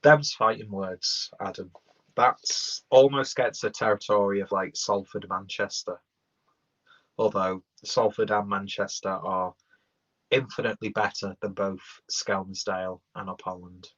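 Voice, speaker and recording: A man's voice: lowish voice, fairly even intonation, unhurried, a bit bright. A young man giving a rambling, sweary, casual live-stream beer review, talking while chewing. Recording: dull lo-fi stream audio.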